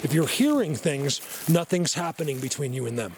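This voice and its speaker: Guy rambling on a woods vlog, excitable, laughs a lot, goes hushed, noisy outdoor camera mic. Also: on the high side, normal speed. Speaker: vlogger, Bigfoot researcher. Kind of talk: casual hiking vlog. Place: snowy forest outdoors.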